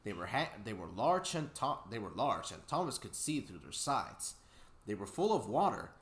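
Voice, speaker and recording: A man's voice: lowish voice, big pitch swings, moderate pace, a bit bright, reverberant. A young man casually reading a children's story aloud with stumbles and restarts while co-hosting a game let's play.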